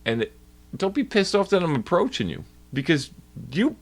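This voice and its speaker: A man's voice: high voice, sing-song, normal speed. A man livestreaming and ranting in a heated, profane way to his chat. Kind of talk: casual livestream rant.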